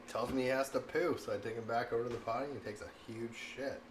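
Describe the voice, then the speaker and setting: A man in his thirties, a cooking streamer, talks fast in a medium-pitched voice, chatting casually and telling stories. He's animated and rambling, laughs often, and says "like" constantly. The room is echoey, with faint background noise.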